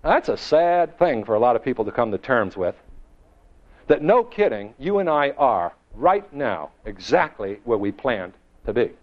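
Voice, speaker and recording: A man giving a motivational seminar to a live audience, emphatic and full of rhetorical questions, slowing and quickening for effect. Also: medium pitch, sing-song. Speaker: motivational speaker. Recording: dull lo-fi recording.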